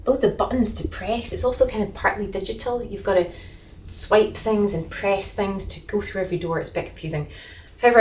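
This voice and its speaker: A woman with a Glasgow Scottish accent who chats in a lively, self-deprecating way in a travel vlog. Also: fairly low pitch. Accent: Glaswegian Scottish. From Scotland. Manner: chatty, self-deprecating storyteller. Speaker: vlogger on a motorbike tour.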